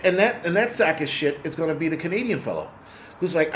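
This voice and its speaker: A man's voice: fairly high pitch, animated, quick pace, fairly bright tone, a little hiss or hum. Angry, profane man ranting. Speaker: host. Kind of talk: casual rant vlog.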